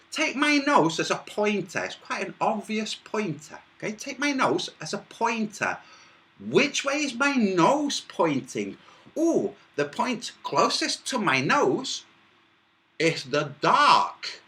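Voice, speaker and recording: A man's voice: sits high, pushed and bright. A man hosting a livestream, demonstrating with his hands and head while explaining to viewers and mocking his critics from the chat. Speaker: livestream host.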